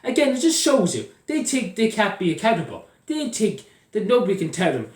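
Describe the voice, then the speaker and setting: An Irish man in full heated rant, cursing freely and circling back over the same points. His voice moves a lot in pitch as the anger builds. He sounds a little off the mic, with an echoey room around him. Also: big pitch swings, brisk, far from the mic. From Ireland. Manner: heated, swearing, repeating himself. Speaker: vlogger. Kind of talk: angry political rant.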